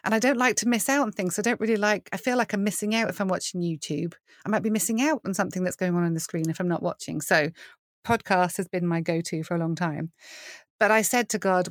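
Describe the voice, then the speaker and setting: Speaking fast in a fairly low voice, the middle-aged British worship leader is a podcast guest in a relaxed interview, recorded in clean studio sound with no echo. She's an animated storyteller who laughs often and voices the characters she quotes.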